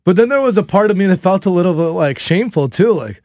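Casting: man in his thirties, show host, high voice, loud animated storyteller, dry studio sound. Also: quick pace, no echo. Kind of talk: casual chat.

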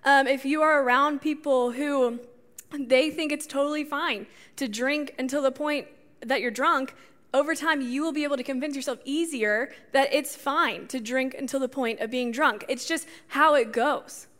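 A woman giving a conversational sermon, animated and talking straight to her audience. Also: sits high, normal speed. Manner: animated, talks straight to the audience, laughs at her own slips. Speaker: youth speaker.

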